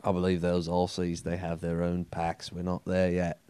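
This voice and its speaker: A man's voice: deep voice, monotone, moderate pace, mellow, clean tone. A man co-hosting a gaming podcast, joking around in loose, rambling banter with lots of laughter. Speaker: podcast co-host.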